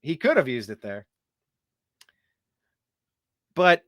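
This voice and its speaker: A man hosting a talk show rants about clips in a lively, sing-song voice that leaps up and down in pitch. He sits a little high for a man and mocks what he hears, slipping into silly voices. The sound is close and dry, with no room around him. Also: normal speed, no echo. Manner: animated, mocking, does voices while ranting. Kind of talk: opinionated commentary over clips.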